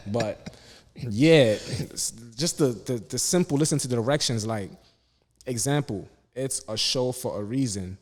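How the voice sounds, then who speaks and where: A young man with a middle-pitched voice talks in a relaxed, earnest way, full of street slang, as a guest on a podcast. A long hall reverb trails his voice. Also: a little slow. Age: young adult. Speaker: fashion designer guest. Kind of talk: casual interview chat.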